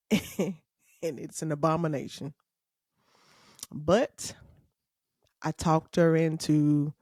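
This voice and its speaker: A woman's voice: low voice, a little mellow, no room sound, clean studio sound. A woman hosting her own podcast, telling stories and giving casual commentary in a folksy, emphatic way. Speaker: podcast host.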